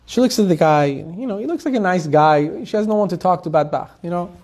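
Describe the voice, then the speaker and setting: A rabbi tells a story during a sermon, animatedly acting out each character's quoted lines. His voice sits high and his pace is brisk.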